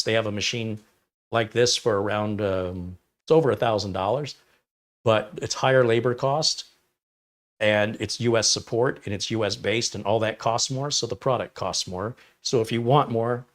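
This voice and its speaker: A man hosting a casual tech livestream, rambling and opinionated as he reads chat comments aloud and reacts to them. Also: lowish voice. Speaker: livestream host reviewing mini PCs.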